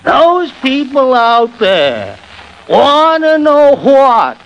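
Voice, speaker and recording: A man impersonating an older male attorney who pleads slowly in a 1940s radio impression, swooping between high and low. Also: huge pitch swings, vocal fry, fairly bright tone, muffled recording, full character voice. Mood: pleading.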